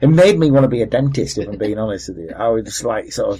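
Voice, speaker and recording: A man's voice: on the low side, quick pace, dark tone, a little hiss or hum, rough recording. A man with a Welsh accent hosting a podcast, chatting casually with lots of fillers and asides. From Wales. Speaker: podcast host. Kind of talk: casual chat.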